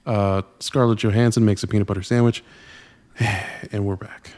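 A man hosting a casual podcast, recapping a film with animated, profane storytelling. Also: on the low side, moderate pace. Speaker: podcast host. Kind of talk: casual movie recap chat.

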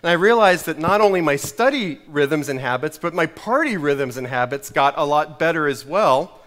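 A man's voice: fairly high pitch, expressive, moderate pace, a bit bright, big-room sound. A middle-aged American man preaching a sermon, telling a story in a wry, self-mocking way. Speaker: pastor.

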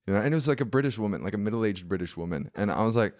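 A man's voice: lowish voice, lively intonation, racing, hardly any pauses, darkish tone. A man, a podcast guest, telling a story in a casual, rambling way, full of fillers and acted-out quotes.

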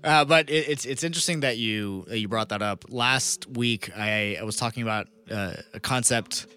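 A man's voice: medium pitch, moderate pace, bright, forceful tone. A man hosting a podcast, reflectively explaining ideas in casual conversation. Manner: reflective, explains philosophy earnestly. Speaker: podcast host. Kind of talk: casual interview chat.

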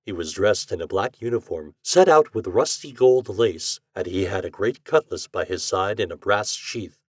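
A man reading a story aloud as a podcast narrator, with an expressive reading style. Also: low-pitched, moderate pace, slightly rough, no room sound, studio quality. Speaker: podcast reader.

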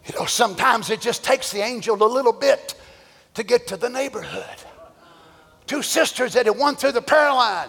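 A man preaching a fervent, shouted revival sermon, chanting repeated praises. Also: very high voice, expressive, normal speed, gravelly, a faint crowd. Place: church. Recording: long church reverb with congregation.

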